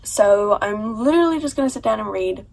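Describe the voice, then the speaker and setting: A woman's voice: medium pitch, expressive, brisk, vocal fry. A young woman book vlogger rambling casually to camera, with many restarts and swearing. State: crying. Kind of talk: casual vlog chat.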